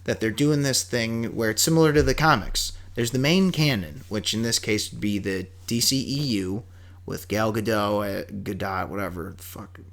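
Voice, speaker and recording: A man's voice: lowish voice, normal speed, fairly bright tone. A man co-hosting a movie podcast, talking in a rambling, self-correcting way and laughing often. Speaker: podcast co-host. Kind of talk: casual movie chat.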